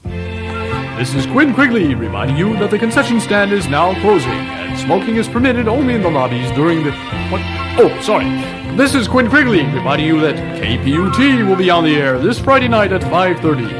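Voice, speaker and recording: A man's voice: high-pitched, big pitch swings, fairly quick. A man playing a cheesy theater-style announcer in a radio promo, bouncy and showy. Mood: cheery. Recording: music bed loud under voice.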